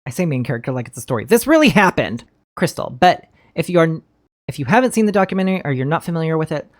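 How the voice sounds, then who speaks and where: A woman's voice: deep voice, very animated, quick pace. Chatty woman reviewing a TV show. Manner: chatty, swears freely, addresses viewers as y'all. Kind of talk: casual commentary.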